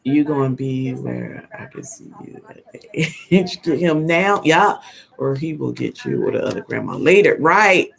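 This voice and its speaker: An older woman, a grandmother, hosting a casual live stream and telling stories in a firm, no-nonsense way, acting out quoted dialogue and now and then clearing her throat. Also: rumbling low, very animated, a little slow. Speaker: host of a live parenting talk.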